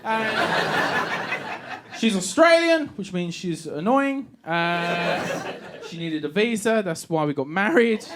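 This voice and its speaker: A man's voice: sits high, expressive, slow pace, background noise. A young Scottish man doing a stand-up comedy set on a club stage, sardonic and punchy.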